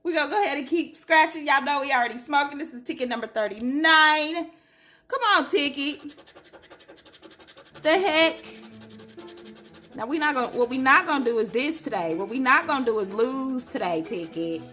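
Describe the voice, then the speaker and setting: A woman's voice: high voice, bright, forceful tone. A woman chatting casually to viewers while scratching lottery tickets and reading numbers aloud. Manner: chatty, slow and drawn-out, reads numbers aloud.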